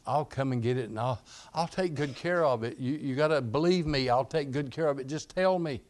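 A man's voice: medium pitch, a little fast, voice pushed up, natural voice. A preacher voicing a pleading, grieving woman. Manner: pleading, broken-hearted. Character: grieving woman pleading for her lost lord.

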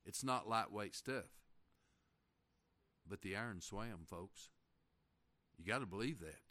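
A man preaching a folksy sermon, reading scripture slowly and asking the congregation questions. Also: fairly low pitch, bright, forceful tone. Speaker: pastor.

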